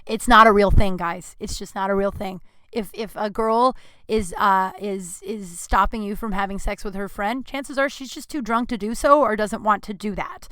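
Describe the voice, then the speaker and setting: A woman podcast host with a bright, crisp voice, swearing freely as she tells stories in a blunt, lively rant. The sound is dry and close, with almost no room echo. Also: mid-range voice, moderate pace. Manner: profane, animated, blunt. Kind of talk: casual storytelling monologue. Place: indoor room.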